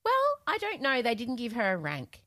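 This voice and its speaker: A woman's voice: on the high side, wildly swooping pitch, moderate pace, a bit bright, dry recording. A middle-aged Australian woman co-hosting a podcast, chatting and gossiping with frequent laughs. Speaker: podcast co-host. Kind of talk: casual chat.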